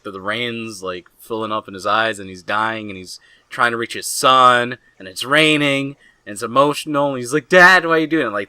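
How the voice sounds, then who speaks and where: A young man co-hosting a podcast in casual chat, rambling excitably and swearing a lot. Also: mid-range voice, no echo. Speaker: podcast co-host.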